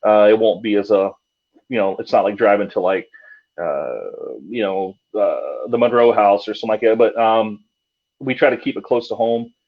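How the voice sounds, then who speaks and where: A man's voice: fairly low pitch, moderate pace. A man, a paranormal investigator, telling a story casually, with many fillers and restarts. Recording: dull lo-fi sound.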